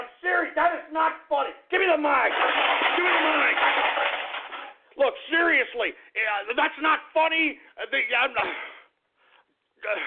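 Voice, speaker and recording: Exasperated high-voiced radio host, lo-fi. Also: male voice, creaky. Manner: exasperated, repeats himself with "man" and "for Christ's sake". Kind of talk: call-in radio talk. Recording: narrow phone-like lo-fi sound.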